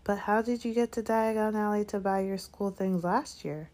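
A woman's voice: medium pitch, fairly even intonation, moderate pace, darkish tone, pitched above the performer's own voice, natural voice. A woman voicing a fussing, anxious middle-aged witch and mother, in a read-aloud story. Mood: fretful.

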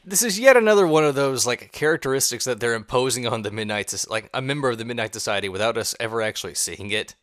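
Lively sarcastic man mocking an episode. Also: medium pitch, fast talker, few pauses, no echo, studio quality. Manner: animated, sarcastic, swears, mimics voices. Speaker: podcast co-host. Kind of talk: casual episode recap.

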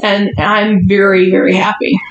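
A woman's voice: mid-range voice, normal speed, roomy sound, highs cut off, a little hiss or hum. A woman co-hosting a casual talk show, telling an anecdote with frequent laughter. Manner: animated storyteller who laughs often. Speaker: podcast co-host. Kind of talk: casual storytelling chat.

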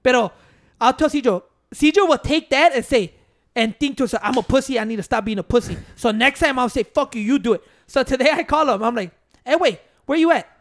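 A man's voice: very high voice, animated, brisk. A man telling stories in casual chat, rambling and profane. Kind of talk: casual chat, mixing Spanish and English.

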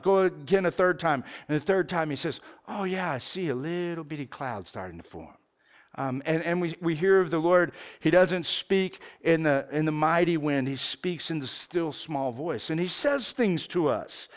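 Casual preaching man, high clear voice. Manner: casual, conversational preaching with frequent fillers. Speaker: pastor. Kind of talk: sermon.

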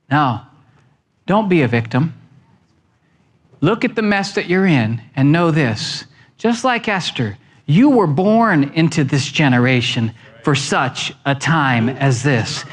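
A man preaching a sermon as pastor, animated, with wide swings in pitch and emphatic questions.

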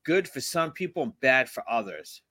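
A man co-hosting a podcast, chiming in with quick joking reactions. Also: mid-range voice, lively intonation, sharp tone, no echo. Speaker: podcast co-host. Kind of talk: casual chat.

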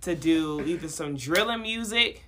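A young woman hosting a casual podcast, talking in a lively, slangy way and laughing often. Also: deep voice, a little slow. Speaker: podcast host. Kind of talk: casual podcast chat with freestyle rapping.

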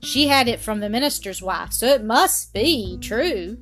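Woman reading a breathless, high girl, storybook. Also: lively intonation, a little slow, a bit bright, soft background music. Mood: excited. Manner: breathless, eager. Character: excited eager Scottish girl twin.

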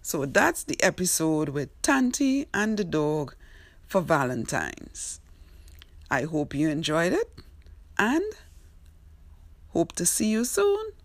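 A woman's voice: lowish voice, wildly swooping pitch, takes it slowly, long pauses, no room sound. A woman with a Trinidadian accent, telling a comic story and teasing its character with exclamations. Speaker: storyteller host.

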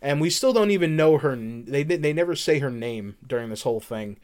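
A man's voice: on the high side, animated, a little mellow, smooth. Rambling man recapping a game. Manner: rambling, many fillers, quotes characters in quick voices. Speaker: podcast co-host. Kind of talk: casual chat recapping a game.

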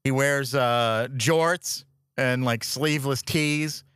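A man's voice: medium pitch, takes it slowly, a bit bright, clear, resonant tone, dry recording. A man hosting a podcast, chatting casually, laughing often, and introducing clips. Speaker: podcast host. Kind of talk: casual chat reacting to clips.

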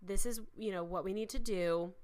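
A woman co-host eagerly retelling movie scenes and acting out what the characters say. Her voice is smooth and clear, in a mid range, in casual conversation. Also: medium pitch, normal speed, darkish tone. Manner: enthusiastic, retells scenes with acted quotes, laughs often. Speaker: podcast co-host. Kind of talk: casual chat reviewing a movie.

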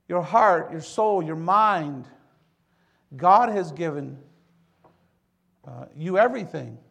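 A middle-aged man preaching a sermon with a gravelly edge and a slightly high pitch. He mixes scripture with folksy jokes about his own life and speaks straight to the congregation. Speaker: pastor.

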